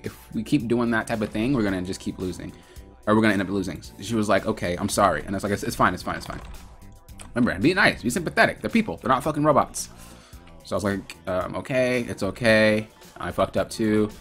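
A man coaching over gameplay footage in a relaxed, profane way, recounting his own calls. His voice sits fairly low, but its tone is bright and forceful. Faint music plays beneath him. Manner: loose and profane, retelling his in-game calls. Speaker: gaming coach. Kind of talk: casual gameplay commentary.

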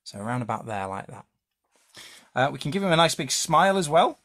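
A man's voice: a little high, big pitch swings, brisk, a bit bright. A man leading a live drawing lesson for children, chatty and playful, asking questions and making silly sound effects.

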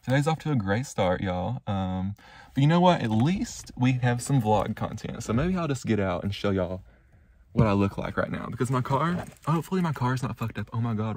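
A young man vlogging casually from his car and the snowy roadside, rambling and swearing constantly. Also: fairly low pitch. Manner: rambling, heavy swearing, lots of "like" and "y'all". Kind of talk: casual vlog to camera. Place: car and roadside in snow, then parked truck.

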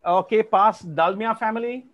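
A man's voice: high voice, moderate pace, highs cut off. A man hosting an online family quiz over a video call, formal and polite, calling players sir. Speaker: quizmaster.

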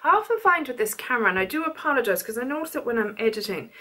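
A woman's voice: a little high, sing-song, very fast, bright, forceful tone. A woman, chatting casually to camera in a beauty vlog, rambling and self-deprecating. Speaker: beauty vlogger.

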